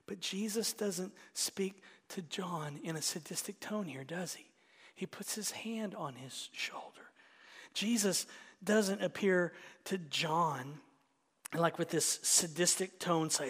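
A male pastor preaching a sermon, dropping to hushed whispers and rising to loud emphatic lines. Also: high-pitched, expressive, slow pace, slightly rough. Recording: long church reverb.

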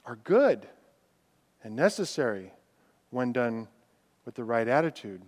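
A male pastor delivers a sermon, swinging between loud declarations and hushed, drawn-out words and reading scripture aloud with rising intensity. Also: sits high, lively intonation. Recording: long reverb from a large hall.

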